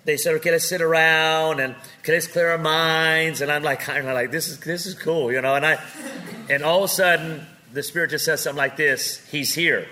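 A man preaching with comic storytelling, animated and joking, swinging from loud to quiet. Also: on the high side, fairly quick.

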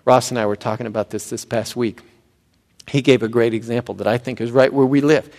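A pastor preaching a sermon, animated and swinging from loud emphasis to hushed tones. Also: male voice, medium pitch, fairly quick, gravelly.

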